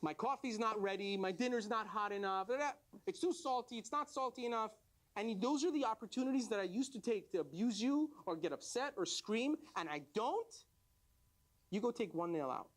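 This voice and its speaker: A man voicing a middle-aged husband who once abused his wife with words and now begs to change, speaking earnestly and fast. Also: high voice, expressive. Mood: remorseful.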